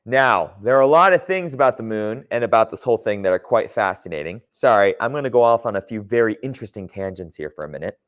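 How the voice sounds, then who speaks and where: A man's voice: on the low side, lively intonation, quick pace, few pauses. A man teaching a geology class in a conversational lecture style, often checking in with his students. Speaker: geology instructor.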